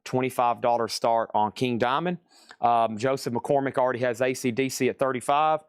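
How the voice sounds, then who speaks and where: Smooth-voiced man running a live record sale. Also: mid-range voice, steady tone, no echo, studio quality. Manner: brisk salesman patter, repeating prices. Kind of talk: live-stream auction selling. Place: record shop.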